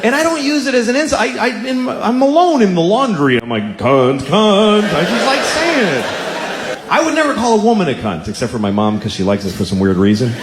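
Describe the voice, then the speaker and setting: A man doing stand-up comedy, riffing quickly and breaking into sudden loud exclamations. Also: high voice, very animated, echoey room, noisy background.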